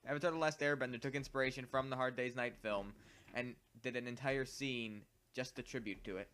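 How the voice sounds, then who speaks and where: A man co-hosting a podcast in casual chat, playful and quick with jokes. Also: medium pitch, fairly even intonation, fairly bright tone, slight background noise. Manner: playful, breaks into song and jokes. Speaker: podcast co-host.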